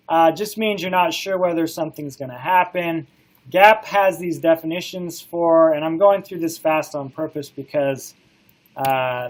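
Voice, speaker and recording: Hoarse man lecturing casually. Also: fairly high pitch, low-quality recording. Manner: casual, many "uh" fillers, checks in with "okay?". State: losing his voice. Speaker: college lecturer. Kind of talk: classroom lecture.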